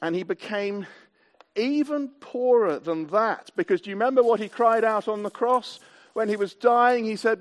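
A man preaching a Christmas sermon to a mixed-age congregation in a church hall, stretching out key words for emphasis. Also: sits high. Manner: animated, drawn-out emphasis on key words, leads the congregation in actions. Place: church hall with tiered seating.

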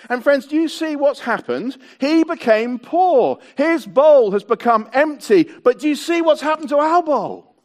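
A man preaching a Christmas sermon to a mixed-age congregation in a church hall, stretching out key words for emphasis. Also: very high-pitched. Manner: animated, drawn-out emphasis on key words, leads the congregation in actions. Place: church hall with tiered seating.

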